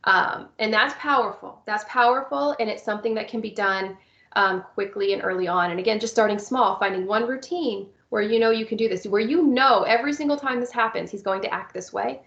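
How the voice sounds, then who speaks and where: A medium-pitched woman speaks fairly quickly in a recorded presentation, explaining step by step how to teach young children with visual impairments and acting out cheerful teacher lines. The audio sounds dull and roomy.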